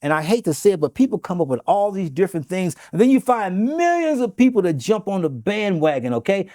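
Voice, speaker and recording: A man talking casually about home health remedies, telling animated stories and often adding "okay?". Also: sits high, brisk. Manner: animated storytelling, acts out his grandfather's voice; emphatic, keeps adding "okay?". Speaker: health talk guest.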